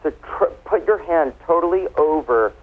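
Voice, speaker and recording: An American wine expert, a guest on a casual radio interview, explains things in a chatty, playful manner. His voice is on the high side and animated, at a moderate pace, and the sound is tinny, like a phone line.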